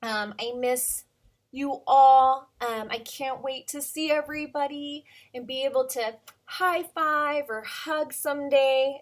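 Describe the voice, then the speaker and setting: A woman preschool teacher reads a picture book aloud, coaxing young listeners to name colors with her. Her voice sits high and she talks in an unhurried, animated way. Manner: animated, coaxing children to join in. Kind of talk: children's story time reading.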